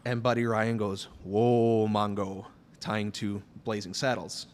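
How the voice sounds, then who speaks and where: A man with a fairly low voice chats as a podcast guest, spinning long stories with lots of "you know" and restarts. A faint rumble hums behind him in the studio. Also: moderate pace. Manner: rambling, animated storyteller with many fillers. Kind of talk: casual storytelling chat.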